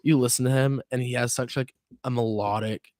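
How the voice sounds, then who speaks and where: A man's voice: medium pitch, fairly even intonation, a little fast, a little mellow, dry recording, studio quality. A young man hosting a podcast, talking in a laid-back, rambling way, full of fillers and swearing. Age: young adult. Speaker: podcast host. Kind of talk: casual chat.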